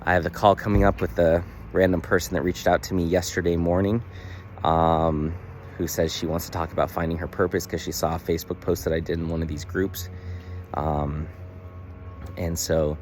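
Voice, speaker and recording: A man's voice: deep voice, level tone, moderate pace, a little mellow, a little hiss or hum. A man talking earnestly to his phone camera outdoors in a casual daily vlog, with many fillers. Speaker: vlogger. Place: outdoors in the sun.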